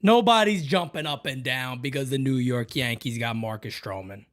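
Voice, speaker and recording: A man hosting a baseball fan show, emphatic, swinging between shouts and low mutters. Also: moderate pace. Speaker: fan channel host.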